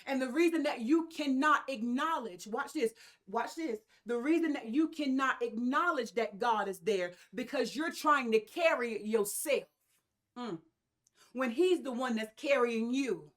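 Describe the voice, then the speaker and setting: A woman's voice: on the high side, measured pace, a bit bright. A woman preaching a sermon, emphatic and repetitive, with asides to her congregation.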